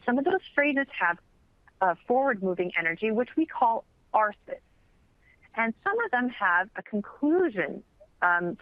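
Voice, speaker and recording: A woman teaching chant in an instructional webinar, explaining patiently and clearly. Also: on the high side, no room sound, lo-fi sound. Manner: clear, patient explaining, sings brief examples.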